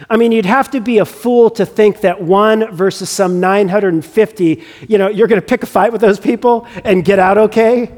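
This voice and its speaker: A man's voice: high-pitched, darkish tone, in a large hall. A man preaching a sermon as a pastor, talking conversationally and often restarting and repeating words.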